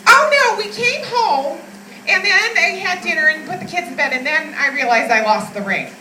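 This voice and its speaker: A woman voicing her elderly mother, flustered and rambling in a shrill, high voice. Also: animated, normal speed, sharp tone, echoey room, a little hiss or hum, full character voice, low-quality recording.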